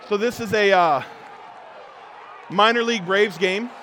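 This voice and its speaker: A man preaching a sermon, telling self-mocking stories with lively jumps between loud and quiet. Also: high-pitched, a little slow, some chatter behind, a little hiss or hum. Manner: joking, self-mocking storytelling; animated, swings from loud to quiet. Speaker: pastor.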